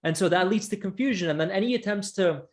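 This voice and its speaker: A male psychotherapist guest with a high-sitting voice joins an academic discussion, explaining ideas in halting bursts full of restarts and tag questions.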